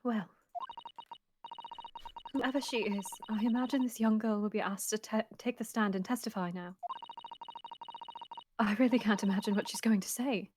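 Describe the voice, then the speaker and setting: A woman's voice: on the high side, steady tone, normal speed, long pauses, natural voice. A woman voicing a polite, prim young female assistant, reading game dialogue over noisy audio. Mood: curious.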